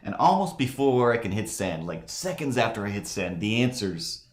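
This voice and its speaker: A fairly low-pitched man, very animated at a moderate pace, tells a sprawling casual anecdote on a live drawing stream in a reverberant room. Expect lots of "like"s, restarts, and acted-out characters.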